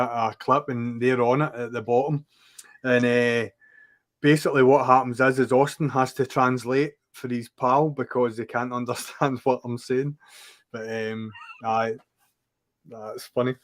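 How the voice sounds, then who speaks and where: A man's voice: mid-range voice, moderate pace. A man chatting over a video call, telling stories and chuckling often. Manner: chuckling, relaxed storyteller. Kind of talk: casual chat.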